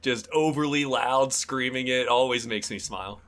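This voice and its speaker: A man's voice: medium pitch, normal speed. Enthusiastic male streamer guest. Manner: enthusiastic, animated storytelling. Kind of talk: casual podcast chat.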